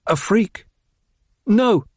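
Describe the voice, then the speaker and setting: A man's voice: sits high, animated, extremely slow, slightly rough, no echo, clean studio sound, pitched above the performer's own voice, full character voice. A man reading the part of a gifted young nobleman, bitter and intense, his voice rising as he grows frantic. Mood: anguished.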